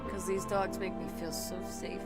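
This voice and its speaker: A young woman chatting casually with viewers, blunt and swearing, laughing often, cooing softly at her dogs. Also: medium pitch, little pitch movement, moderate pace, over loud music. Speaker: streamer.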